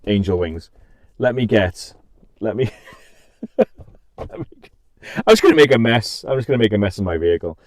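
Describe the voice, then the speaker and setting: Young male streamer, lively pitch, dry close mic, giggly and scattered, casual chat. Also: normal speed, pauses often, dry recording. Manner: giggly, scattered, self-interrupting. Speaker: podcast and stream host.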